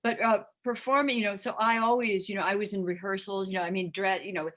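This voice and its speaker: Speaking fast with a steady tone, this older woman has a medium-pitched, fairly bright voice. She's an interview guest in casual conversation, meandering through plenty of fillers and putting on voices to quote people.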